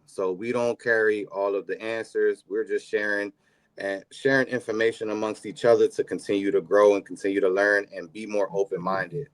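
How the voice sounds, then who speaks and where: A man co-hosting a podcast in casual chat, earnest and halting, with many pauses and fillers. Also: low voice, no room sound. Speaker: podcast co-host.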